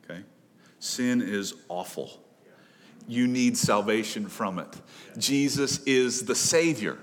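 A man pastor preaching a sermon in earnest, rising to loud pleas and dropping to hushed low lines. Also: expressive, slow. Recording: long reverb of a large hall.

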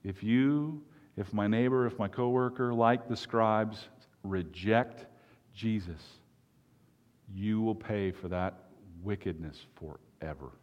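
Earnest low-voiced preacher in a hall. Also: male voice, a little mellow, lo-fi sound. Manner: earnest, emphatic, with long pauses. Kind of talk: sermon.

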